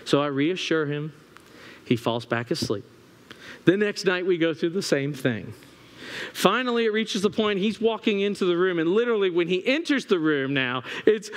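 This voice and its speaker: Male pastor with a high voice, lively comic storytelling, in a big reverberant church hall. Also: moderate pace. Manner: animated, humorous storytelling. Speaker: assistant pastor. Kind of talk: sermon. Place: church sanctuary.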